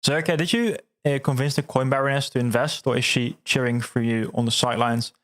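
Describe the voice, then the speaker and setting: Young guy hosting a livestream, excitable, laughs a lot, keeps repeating words. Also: mid-range voice, fairly quick. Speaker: livestream host. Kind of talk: casual livestream chat reading viewer comments.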